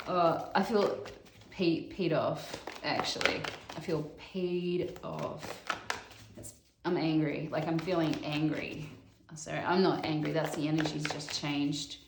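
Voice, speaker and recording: Musing woman in an echoey room. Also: low-pitched. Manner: slow, musing, thinking aloud with sighs and soft laughs. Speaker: tarot reader. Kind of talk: casual solo tarot reading. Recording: echoey room with clear background noise.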